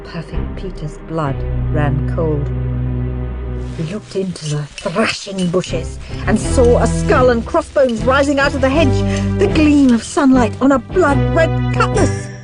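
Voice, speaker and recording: A woman narrating a children's audiobook in an expressive way, acting out the characters. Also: fairly high pitch, a little slow. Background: background music.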